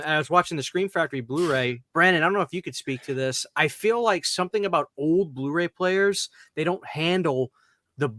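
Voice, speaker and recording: A man hosting a podcast, telling stories in a rambling, excitable, casual way. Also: fairly high pitch, no room sound, studio quality. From Louisiana, US. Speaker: podcast host. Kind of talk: casual chat.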